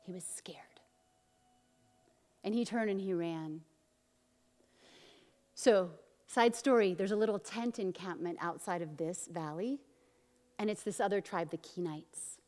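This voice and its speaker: A woman pastor preaching a sermon and telling a story, acting out the quotes with big swings from loud to soft. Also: fairly low pitch, measured pace, long pauses, in a large hall. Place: church.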